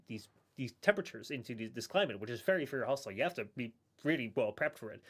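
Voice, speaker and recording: A man chatting casually on a live stream, rambling with many restarts and chuckles. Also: medium pitch.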